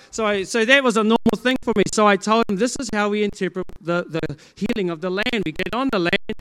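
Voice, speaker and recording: A middle-aged man from New Zealand with a New Zealand accent, a pastor telling a testimony to his congregation in a lively way, acting out the dialogue and breaking into loud exclamations. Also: high voice, smooth.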